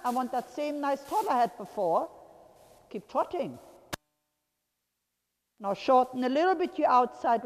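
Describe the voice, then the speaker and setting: Lady riding coach barking short calls, high swooping voice, big echoey arena. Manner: commanding, repetitive short calls, occasional laughs. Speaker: riding instructor. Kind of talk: coaching a rider from the arena floor. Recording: long hall reverb.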